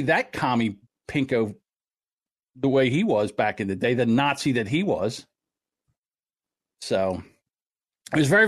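A man hosting a podcast, his voice a bit higher than most men's and swinging widely in pitch. He rants in a sarcastic, comedic way through a casual chat. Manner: animated, sarcastic, ranting. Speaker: podcast host.

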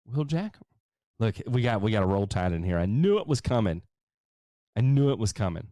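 A man's voice: mid-range voice, wildly swooping pitch, unhurried, no echo, clean studio sound. A man hosting a lawn care livestream, casually reading and answering viewer comments with jokes. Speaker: lawn care show host.

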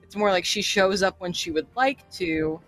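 A woman's voice: mid-range voice, normal speed, fairly bright tone, faint music behind, rough recording. A woman player at a tabletop game, speaking in a casual, rambling way. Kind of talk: casual in-character play.

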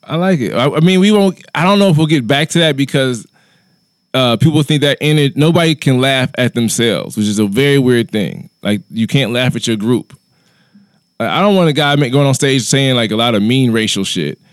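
A man in easygoing conversation about comedy who laughs easily and curses casually. His pitch sits in the ordinary middle range. The recording is dry and close. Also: brisk, no echo. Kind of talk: casual chat.

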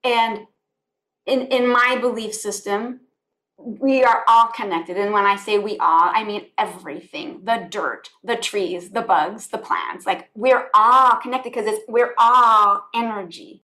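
Earnest, heartfelt woman, higher voice. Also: measured pace, pushed and bright. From United States. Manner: earnest and heartfelt, repeats phrases, laughs often. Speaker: guest, spiritual life coach. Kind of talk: conversational podcast interview.

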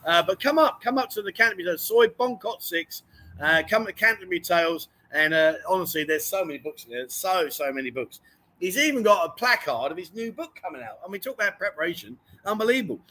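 A man with a high, bright voice hosts a casual livestream from a bookshop. He reads viewer messages aloud, teases his friends and talks in a quick, jokey, exclaiming way. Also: animated. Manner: jokey, teasing, often says "unbelievable". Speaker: livestream host. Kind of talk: casual banter, reading viewer comments. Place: indoors in a bookshop.

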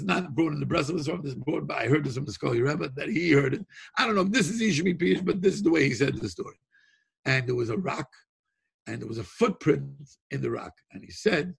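A man telling a Hasidic tale in an animated, excited way, laughing often and shouting at the high points. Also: vocal fry, breathy edge. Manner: sings a Yiddish-style tune. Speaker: storyteller.

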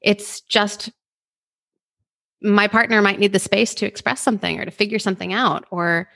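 A woman's voice: medium pitch, steady tone, normal speed, creaky, sharp tone. A woman co-hosting a conversational talk, thoughtfully adding her own points.

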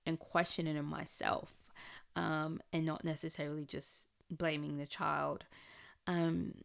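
A woman with a lowish voice and a gravelly, fry-tinged edge talks through her experience of raising her nieces. She speaks candidly and reflectively, peppering her sentences with "like" and "um" in a relaxed personal chat. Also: measured pace. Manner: candid, chatty, with frequent "like" and "um".

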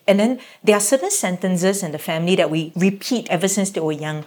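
Speaking quickly and barely pausing, this medium-pitched middle-aged woman is a guest parent in casual conversational storytelling. She's animated throughout, performing the quoted reactions as she goes.

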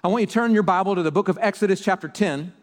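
A man preaching a sermon, telling a story in an animated way with lots of restarts. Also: high-pitched, racing. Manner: animated storyteller, repeats words when excited. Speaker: pastor. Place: church hall. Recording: reverberant church hall.

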